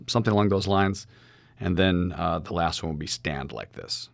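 Low-voiced man talking sermon ideas. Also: moderate pace, vocal fry, no room sound. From St. Louis, USA. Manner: thinking aloud, many fillers and restarts. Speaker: seminary professor. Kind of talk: podcast discussion on sermon planning.

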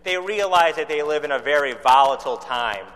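A pastor from Chicago preaching a sermon in a conversational way, with rhetorical questions and dry humor. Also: male voice, fairly high pitch, lively intonation, brisk, fairly bright tone, long reverb tail.

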